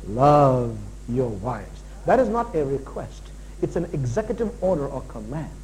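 A man preaching a sermon as pastor, animated and full of jokes and asides. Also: high-pitched, a little hiss or hum, rough recording.

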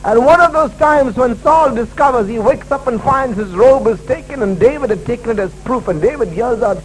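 A male preacher delivers a sermon in a church service, hammering his points through repetition. His voice sits very high and swings widely, rising and falling with each emphatic phrase. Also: lively intonation, normal speed, hardly any pauses, slight background noise, low-quality recording. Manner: emphatic and repetitive, restating key lines.

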